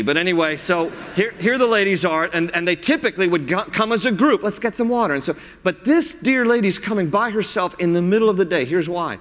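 A man preaching a sermon as pastor, telling the story in an animated way and acting out the voices. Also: medium pitch. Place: large church sanctuary. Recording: reverberant church sanctuary.

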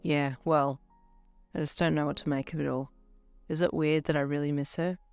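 A reader voicing a tired, withdrawn young man who talks in a low, deadpan way. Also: normal speed, vocal fry, clean tone, soft background music, natural voice.

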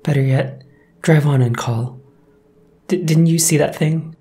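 A man voicing a frightened male bus passenger who pleads in a hushed, urgent way in a horror story. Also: a little high, unhurried, pitched above the performer's own voice, lightly acted. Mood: fearful.

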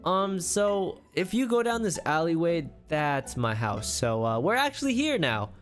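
A man's voice: a little high, big pitch swings, measured pace, faint music behind. Awkward, stammering man in a game role-play. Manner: awkward, stammering, laughs a lot.

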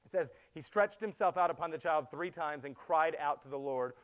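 A middle-aged man, a pastor, preaching a sermon that swings from loud urgent pleading to hushed, quiet passages. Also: on the high side, normal speed, hardly any pauses.

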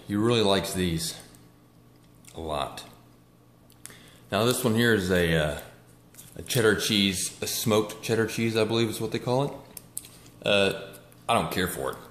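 A man chatting casually to his dog while feeding it, jumping into high baby-talk. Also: measured pace, long pauses, fairly bright tone, reverberant, a little hiss or hum. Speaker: dog owner vlogger.

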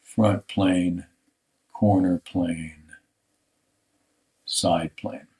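Male art instructor, low voice, casual live critique with plenty of thinking aloud and restarts. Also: fairly even intonation, extremely slow, warm tone. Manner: thinking aloud, restarts, talks over drawing on screen.

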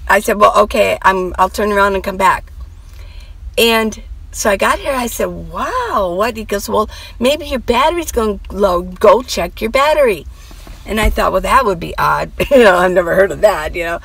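A woman's voice: medium pitch, expressive, moderate pace, gravelly, fairly bright tone, husky, dry recording, poor audio. A middle-aged woman vlogger telling a story in a rambling, chatty way, full of asides and quoted dialogue. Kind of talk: casual storytelling vlog.

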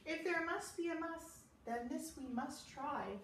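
A kind, thoughtful young lion from a storybook speaks in a soft, earnest voice, as a woman reads his part aloud. His lines come slowly, and the sound carries some echo from the room. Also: high-pitched, distant mic, slight background noise, voice pushed up. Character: gentle poetic young male lion.

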